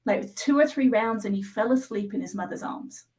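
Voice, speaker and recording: Calm instructive woman explaining tapping. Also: medium pitch, normal speed, low-quality recording. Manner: calm, instructive, frequent "right?" check-ins. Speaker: EFT tapping practitioner, guest. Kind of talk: explaining a technique on a live show.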